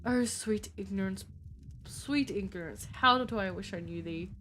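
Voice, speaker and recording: A woman's voice: medium pitch, a little slow, a bit bright, a little hiss or hum, close to an everyday voice. A woman voicing a grumpy male vampire in a game, in a put-on English accent, haughty and scornful. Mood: sneering. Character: grumpy male vampire patient, old-world gentleman.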